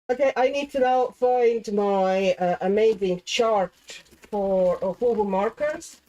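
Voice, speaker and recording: A woman hosts a relaxed livestream and chats while she colours. She talks at an unhurried, slow pace, greets viewers by name, and thinks aloud as she works. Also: a little high. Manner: chatty, laughs often, reads chat names aloud; muses aloud while working. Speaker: livestream host. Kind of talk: casual chat while colouring.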